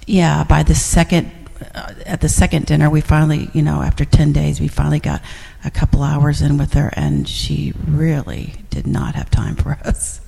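A woman's voice: sits low, moderate pace, gravelly, hardly any pauses, warm tone, husky, long reverb tail. A middle-aged woman sharing reflections in a class, rambling with many fillers and restarts. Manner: rambling, full of fillers and restarts, laughs often. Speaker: class participant.

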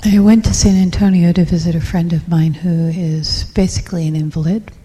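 A woman sharing a personal story in a group, soft and hushed, reflective, with many pauses. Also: on the low side, fairly even intonation, slightly rough, big-room sound.

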